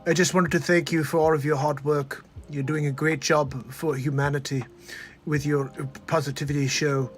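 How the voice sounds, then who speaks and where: A man doing a comedic impression of a soft-spoken, earnest tech billionaire. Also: on the high side, level tone, normal speed, faint music behind, natural voice.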